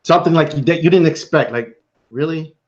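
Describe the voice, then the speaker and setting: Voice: mid-range voice, fast talker, dull audio. A podcast co-host on a remote call, asking questions and answering with short, supportive agreement. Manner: supportive, brief agreeing replies. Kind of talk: casual chat.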